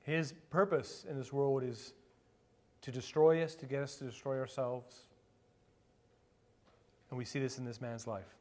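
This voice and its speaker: A male pastor preaching a sermon in a conversational way, with rhetorical questions and sudden bursts of excitement. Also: medium pitch, measured pace, pauses often. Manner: conversational preaching with asides and fillers.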